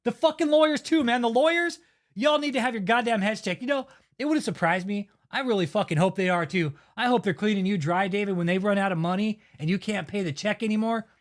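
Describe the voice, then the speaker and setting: A man's voice: high voice, brisk. A man hosting his own channel, delivering a heated, heavily profane and blunt rant of commentary. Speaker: channel host. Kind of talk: angry ranting commentary.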